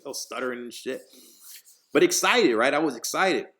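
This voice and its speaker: A mid-range voice at a quick pace belongs to this New Jersey podcast host. He tells his story casually, cursing freely and animatedly, doing impressions of the people he quotes.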